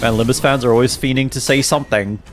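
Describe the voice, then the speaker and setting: Talking fast with fairly even intonation and a medium pitch, this young man is live-streaming a game. He reads the chat out loud, cracks jokes and laughs a lot, all over loud game music in the background.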